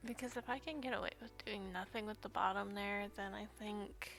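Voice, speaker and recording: Soft-spoken woman with a gravelly edge. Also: medium pitch, steady tone, brisk, soft background music. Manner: soft-spoken, often half-whispered, thinking aloud. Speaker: streamer sculpting doll hair. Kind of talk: quiet casual stream commentary. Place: at home at night.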